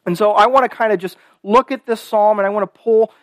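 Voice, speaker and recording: A man's voice: high voice, fast talker, fairly bright tone, dry recording. A man preaching a sermon in a casual, conversational way, full of "kind of" and "right?", who reads scripture aloud with rising emphasis.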